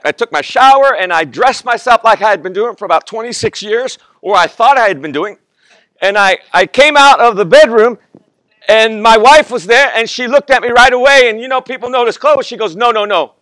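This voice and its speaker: A man in his fifties, preaching as a guest pastor, tells a personal story with acted-out quotes, often stumbling and starting over. His voice is extremely high and a bit bright, and the recording is dry.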